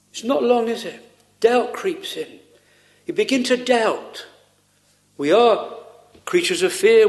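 A man preaching a solemn, earnest sermon with slow pauses, quoting old scripture. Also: high voice.

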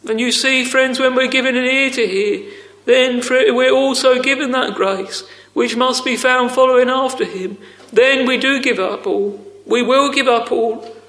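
A man preaching a sermon, earnest and deliberate, addressing his listeners as friends. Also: very high voice, a bit bright. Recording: echoey hall with long reverb.

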